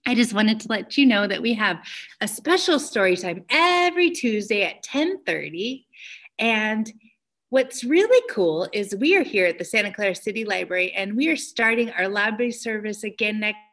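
A woman's voice: medium pitch, lively intonation, moderate pace, fairly bright tone. A young woman who is a children's librarian, hosting a story time and cheerfully encouraging young kids.

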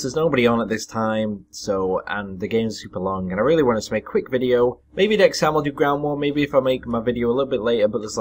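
A young man giving live commentary over his own gameplay, excitable and self-deprecating, breaking into sudden loud yelps. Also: on the low side. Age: young adult. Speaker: gaming commentator.

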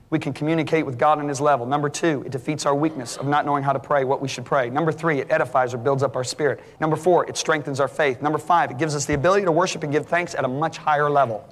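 A middle-aged male preacher giving an animated sermon, full of stories, his voice climbing high for the punchlines. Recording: long hall reverb.

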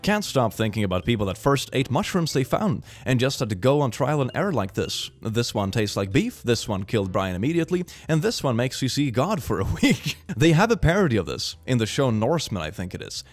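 A young man giving casual, animated commentary as he reacts to posts, laughing often. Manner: animated, laughing, swings in pitch. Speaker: host.

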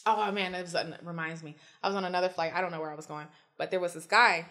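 Speaking quickly in a lowish, somewhat bright voice with fairly even intonation, a young woman co-hosts a podcast. Her casual chat and animated stories are bluntly profane, with plenty of swearing, laughter and impressions of the people involved.

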